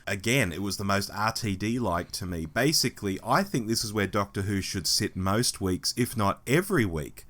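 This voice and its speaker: A man with a hoarse voice, co-hosting a casual podcast chat in an animated, mock-scolding way. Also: on the low side, normal speed, few pauses. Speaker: podcast co-host.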